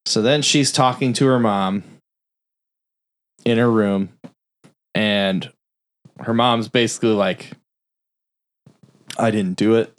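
A man casually recapping a film's plot on a podcast, swearing freely and acting out the characters' lines. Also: lowish voice. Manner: loose, profane plot recap with quick voiced-out quotes. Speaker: podcast host recapping a film. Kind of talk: casual film review chat.

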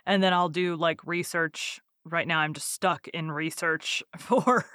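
A woman's voice: lowish voice, steady tone, a little slow, bright, forceful tone, no echo, studio quality. A young adult woman from Texas, an audiobook narrator hosting a casual interview, chatty and laughing often. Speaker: podcast host and audiobook narrator.

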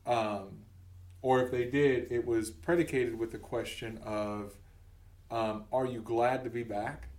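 A man's voice: medium pitch, unhurried, echoey room, recorded from a distance. A man in his thirties telling a funny story on a podcast, acting out the voices of the people in it. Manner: animated, acts out voices in his stories. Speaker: podcast co-host. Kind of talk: casual comedic storytelling.

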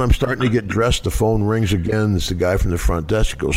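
A man's voice: fairly low pitch, moderate pace. An older man co-hosting a casual podcast, telling stories with acted-out voices and frequent laughter. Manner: animated, acts out voices in stories, laughs often. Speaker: co-host, former wrestler. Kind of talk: casual storytelling chat.

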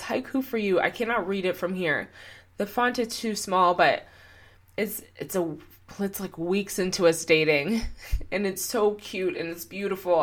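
A young woman hosting a solo motivational podcast, speaking earnestly and encouragingly and putting repeated questions to her listener. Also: medium pitch. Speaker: podcast host and coach.

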